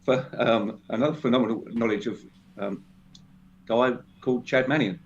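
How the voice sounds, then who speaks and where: A man speaking as a guest in a casual discussion, halting and restarting often. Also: mid-range voice. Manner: halting, many restarts and fillers. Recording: dull lo-fi sound with faint noise.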